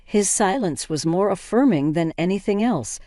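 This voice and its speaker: A woman reading a dramatic first-person family story as scripted narration, in a steady, even delivery. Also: mid-range voice, moderate pace, dry recording, clean studio sound.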